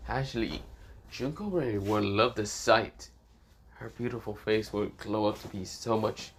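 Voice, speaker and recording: A man voicing a sinister, smug young male demon lord who drawls his words slowly and mockingly. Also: lowish voice, husky. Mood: gloating. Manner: slow, drawn-out mocking delivery.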